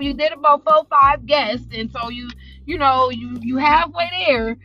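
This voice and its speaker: A woman from South Central hosting a podcast, telling a work story in animated, slangy, unfiltered casual chat and acting out her coworkers' lines. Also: sits high, brisk, highs cut off, faint music behind. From South Central Los Angeles. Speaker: podcast host.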